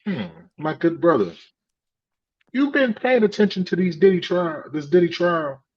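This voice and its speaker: A man's voice: high-pitched, big pitch swings, moderate pace, darkish tone, breathy edge, muffled recording. A man co-hosting a podcast in a laid-back, teasing way, leading into the next topic. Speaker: podcast co-host. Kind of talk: casual comedic chat.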